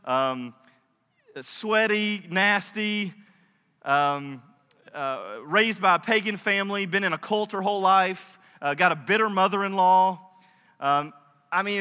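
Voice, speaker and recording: Male pastor, high bright voice, emphatic, chatty preaching, reverberant hall. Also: expressive, normal speed. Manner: conversational, emphatic preaching with asides. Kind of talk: sermon.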